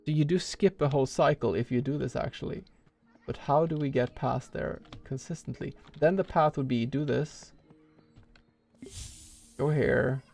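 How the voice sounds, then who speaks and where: A man's voice: medium pitch, normal speed, vocal fry, a little mellow, faint music behind. A man streaming a speedrun, rambling casually and thinking aloud with lots of filler words. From Norway. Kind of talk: casual live-stream chat while playing.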